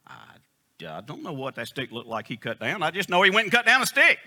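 A man's voice: sits high, huge pitch swings, fast, pushed and bright. A man preaching a sermon in an emphatic, folksy storytelling style. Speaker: pastor.

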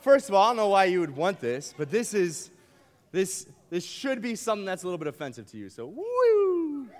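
A young man preaching to a youth camp with a playful, animated delivery, joking with the audience in a large hall. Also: sits high, fast. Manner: playful, animated, uses props and jokes with the crowd. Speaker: camp speaker. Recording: long hall reverb.

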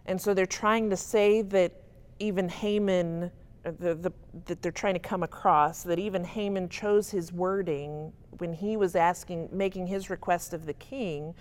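A woman's voice: fairly low pitch, fairly even intonation, unhurried, a little mellow. A woman teaching a Bible study in a conversational, emphatic way, often checking in with her listeners. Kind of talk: casual teaching talk.

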